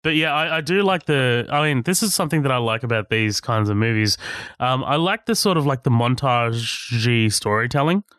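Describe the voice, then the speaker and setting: A man with a smooth, clear voice at a middle pitch chats easily about a film, relaxed and agreeable. The sound is dry and close-miked. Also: moderate pace, no echo. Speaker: podcast co-host. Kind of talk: casual movie discussion.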